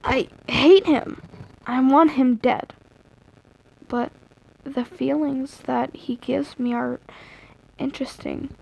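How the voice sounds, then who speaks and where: A woman's voice: high voice, steady tone, takes it slowly, creaky, long pauses, a little mellow, no echo, poor audio. Chatty young woman reading a story. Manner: chatty, easily distracted, breaks off to joke. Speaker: livestreamer reading fan fiction. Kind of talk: casual live reading of a story.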